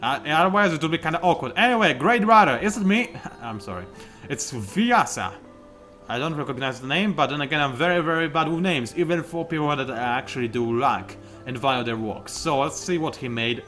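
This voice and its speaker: Animated man chatting over gameplay. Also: on the high side, a little fast, soft background music. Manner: chatty, self-mocking, animated outbursts at the game. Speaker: gaming YouTuber. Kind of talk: casual game commentary.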